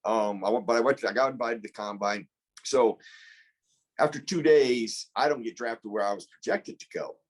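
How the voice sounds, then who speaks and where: A man's voice: mid-range voice, moderate pace. A man in his fifties, a former pro football player, telling an earnest, reflective story as a podcast guest, often restarting his sentences.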